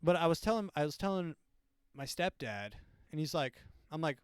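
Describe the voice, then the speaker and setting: A man's voice: fairly high pitch, animated, moderate pace, clear, resonant tone, dry recording, clean studio sound. A young man hosting a comedy podcast, telling a rambling, sardonic story full of restarts and filler words. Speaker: podcast host.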